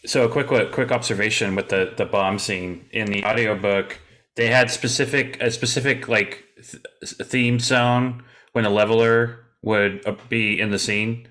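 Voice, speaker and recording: A man in a casual podcast discussion, telling an animated story with hesitant restarts. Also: fairly low pitch, a little slow. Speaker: podcast guest.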